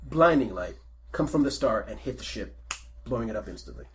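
A man narrating as game master of a tabletop space game, chatty and quick to laugh. His pitch moves in lively swings, and a faint hiss sits under the recording.

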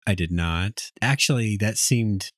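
A man co-hosting a casual TV recap podcast. He speaks in a measured, thoughtful way with dry asides. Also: fairly low pitch, dry recording. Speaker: podcast co-host.

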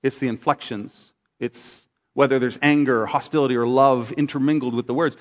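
A man's voice: medium pitch, steady tone, fairly quick. Man preaching in a reverberant hall. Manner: conversational preaching with acted asides. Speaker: pastor. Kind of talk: sermon. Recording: dull sound in a large reverberant room.

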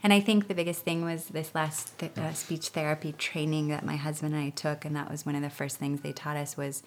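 A woman in her thirties chatting as a guest, telling lively stories and acting out what others said. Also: low voice, brisk, a little hiss or hum. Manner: animated storytelling with laughs and acted-out quotes. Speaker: guest parent. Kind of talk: casual interview chat.

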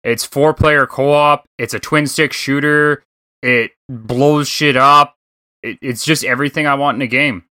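A man with a Canadian accent hosting a casual gaming chat, rambling, swearing freely and thinking out loud. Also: medium pitch, steady tone, unhurried, smooth, no room sound, clean studio sound. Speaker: podcast host.

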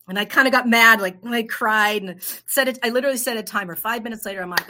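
A middle-aged woman with a bright, clear voice tells the story of her business in a relaxed interview. She talks in a lively way and acts out what other people said to her. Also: on the high side, quick pace, hardly any pauses. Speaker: entrepreneur guest.

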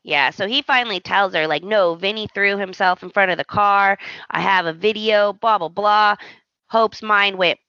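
A woman co-hosting a podcast, recapping soap opera episodes in casual chat and acting out the characters in quick voices. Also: mid-range voice, bright, forceful tone, dry recording, lo-fi sound. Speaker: podcast co-host.

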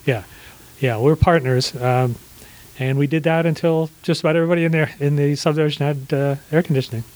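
A man in his sixties, a podcast guest, telling stories about his early business days in a relaxed, rambling way with plenty of fillers and restarts. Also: a little high, fairly quick, rough recording. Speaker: guest, small business owner. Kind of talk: casual storytelling interview.

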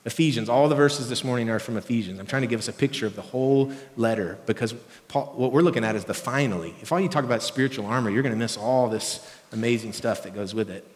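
A man's voice: medium pitch, fast, few pauses. Man preaching a conversational sermon. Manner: conversational, asks the congregation questions. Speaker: pastor. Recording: long reverb of a large hall.

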